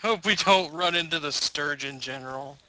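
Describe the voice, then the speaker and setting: Man, tabletop player, casual wry chat, very bright sharp voice, a bit high. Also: normal speed, low-quality recording.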